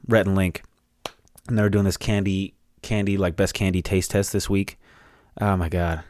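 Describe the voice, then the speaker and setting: A young man talks alone into the mic for his podcast, in a voice on the low side. He rambles, swears freely and jokes around in a loose, casual way. The sound is dry and close, with no room echo. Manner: rambling, profane and jokey. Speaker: podcast host. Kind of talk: solo podcast monologue.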